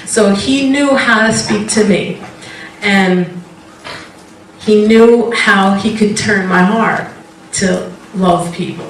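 A woman shares a faith testimony slowly, in a rambling storyteller's way, laughing often. Her voice comes from a distance in a roomy, echoing space. A faint background hiss sits under the speech. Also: medium pitch. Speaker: Christian speaker sharing a testimony.

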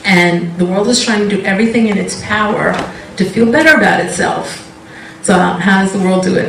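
A woman's voice: lowish voice, normal speed, slight background noise. A woman giving an informal faith testimony. She rambles, interrupts herself and laughs often as she tells her stories. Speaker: Christian speaker sharing a testimony. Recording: roomy, distant mic.

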